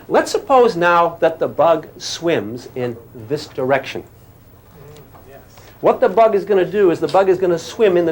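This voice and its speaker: A man's voice: a little high, a little hiss or hum. An older man giving a physics lecture to a class in a playful way, often asking questions and making sound effects.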